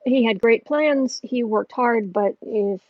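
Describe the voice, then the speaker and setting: A woman's voice: fairly high pitch, takes it slowly, dry recording, lo-fi sound. A woman reading astrology and tarot on a casual home livestream, musing and thinking aloud as she goes.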